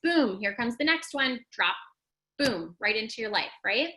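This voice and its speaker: A woman hosting a casual motivational talk, speaking straight to her viewers in an animated, emphatic way and reading out their comments. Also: moderate pace, poor audio. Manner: animated and emphatic, rising high when making a point; talks straight to the audience and reads out their comments. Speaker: host of a live wellness talk.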